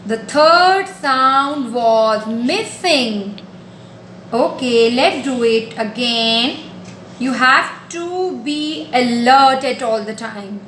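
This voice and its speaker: A woman's voice: sits high, extremely slow, fairly bright tone, a little hiss or hum. A woman teaching a nursery class, talking patiently and coaxingly in a sing-song way to small children. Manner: patient, coaxing, repeats simple instructions. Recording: echoey room.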